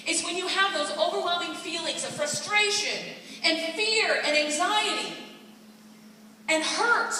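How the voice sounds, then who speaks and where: A woman preaching an animated, playful sermon, talking to children and the congregation in a large church hall. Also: extremely high pitch. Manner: animated, playful, laughs often. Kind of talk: lively sermon with a children's object lesson. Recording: echoey hall, distant mic, faint room noise.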